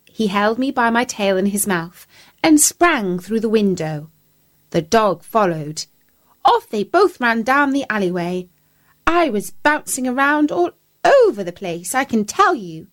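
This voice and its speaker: A woman reading a storybook aloud as a chatty mouse, playful and expressive. Her pitch roams widely, and she takes her time with every line. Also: a little slow.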